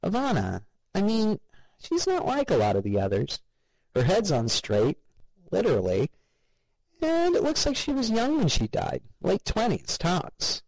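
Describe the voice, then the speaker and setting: A man voicing a gossipy, greedy male office coworker in a higher, excitable voice. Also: measured pace, dry recording, full character voice, rough recording. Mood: excited.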